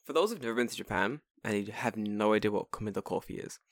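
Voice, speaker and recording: Animated man in casual podcast chat. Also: quick pace, no echo, clean studio sound. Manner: animated storyteller, swears freely, jumps into high mock voices when quoting himself. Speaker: podcast co-host.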